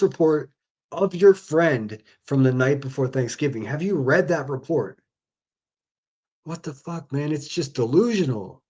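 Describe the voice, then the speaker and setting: A man's voice: a little high, expressive, measured pace, mellow, husky. A man hosting a live stream, who reacts to clips with profane, exasperated rants. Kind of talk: casual ranting commentary.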